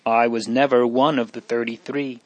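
A man's voice: medium pitch, flat delivery, moderate pace, dry recording, dull audio, close to an everyday voice. A man reading as a defiant teenage countess. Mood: proud, spirited. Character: proud defiant teenage countess, spirited girl.

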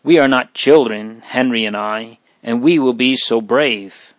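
A man's voice: mid-range voice, unhurried, no room sound, natural voice. A man reading a wistful, anxious young girl.

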